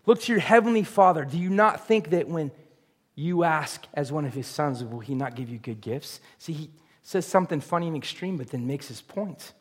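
A man preaching a sermon in a conversational, joking way, full of rhetorical questions. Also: on the high side. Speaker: pastor.

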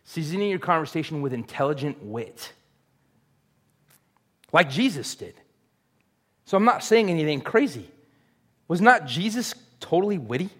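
A man's voice: fairly high pitch, big pitch swings, normal speed, long pauses. A man preaching a sermon in a conversational, joking way, full of rhetorical questions. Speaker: pastor.

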